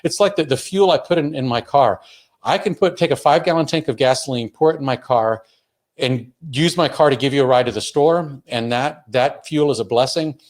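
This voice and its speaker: A man's voice: mid-range voice, fairly quick. An earnest man in the middle of an instructional talk. He lays out his points step by step, often restarting a sentence mid-thought as he explains. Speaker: webinar presenter on emotional learning.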